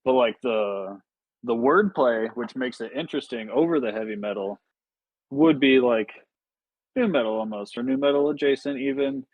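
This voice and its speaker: A relaxed man chatting on a music podcast at a middle pitch, swearing easily and padding with plenty of ums and likes. His voice sits in a dead-dry room with no echo. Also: normal speed, phone-quality sound. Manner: laid-back, swears freely, many fillers. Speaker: podcast guest. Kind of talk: casual podcast chat. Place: podcast studio.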